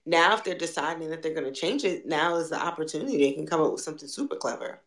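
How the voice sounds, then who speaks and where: A woman's voice: sits low, lively intonation, fast. A woman co-hosting a podcast in casual chat, playful and laid-back, with frequent ums. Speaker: podcast co-host.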